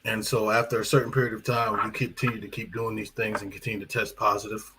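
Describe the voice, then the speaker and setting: Low-voiced guy rambling about boxing on a live stream, kinda sharp tone, a bit of background hum. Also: flat delivery, fast, low-quality recording. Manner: chatty, rambling, with fillers and self-corrections. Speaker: boxing commentator and channel host. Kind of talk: casual live-stream commentary.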